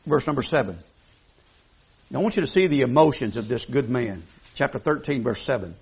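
A man's voice: mid-range voice, animated, brisk, creaky, a little mellow, breathy edge. A man preaching a sermon in a folksy, emphatic way, putting questions to the congregation.

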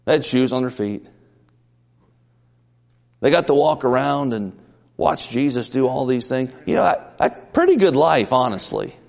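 A man preaching a conversational sermon in a folksy way, building up to loud, emphatic peaks. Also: mid-range voice, long reverb tail.

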